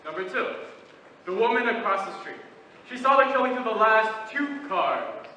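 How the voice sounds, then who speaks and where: Brief: teen guy as a patient reasoning juror, bright high voice, long hall echo from afar. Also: animated, normal speed. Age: late teens. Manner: methodical, reasoning aloud, some restarts. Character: calm, persistent male juror reasoning. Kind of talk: stage play performance. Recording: echoey hall from far off, light noise.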